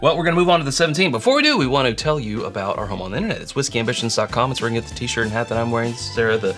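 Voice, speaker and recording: Playful man with a lively, bouncing voice. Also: rapid-fire, faint music behind. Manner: playful, joking, swings into sudden high exclamations. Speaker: co-host. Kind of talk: casual tasting chat.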